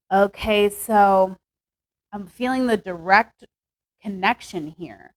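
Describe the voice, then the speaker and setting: A woman's voice: medium pitch, poor audio. Chatty young woman reading tarot. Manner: chatty and upbeat, filler-heavy with "like" and "okay". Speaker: tarot reader. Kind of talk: casual tarot reading to camera.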